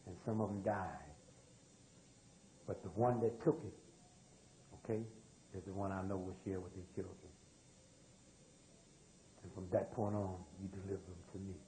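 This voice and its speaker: A man's voice: low-pitched, moderate pace, long pauses, dark tone, a little hiss or hum, low-quality recording. An American man giving a live lecture in a room with an audience. He tells stories in loose, drawling speech and keeps asking the crowd questions. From United States. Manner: drawling, loose spoken grammar. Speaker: speaker addressing an audience. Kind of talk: live lecture with call-and-response.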